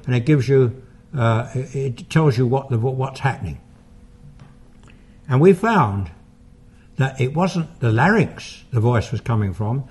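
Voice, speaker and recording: A man working as a paranormal investigator, calmly recounting his experiments in a measured, explanatory way. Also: a little high, slightly rough.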